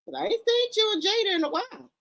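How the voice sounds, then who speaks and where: A woman hosting casual celebrity gossip commentary, talking straight to her viewers with loud, incredulous exclamations and blunt swearing. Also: extremely high pitch, lively intonation, fast talker, creaky, no echo. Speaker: gossip channel host.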